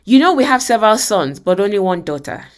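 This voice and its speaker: A woman's voice: mid-range voice, sing-song, a little fast, pitched above the performer's own voice, lightly acted. Upset middle-aged mom begging her pastor for help, woman reading it out, gets emphatic. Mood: distraught. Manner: read aloud with rising emphasis. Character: middle-aged mother pleading with a pastor, distraught.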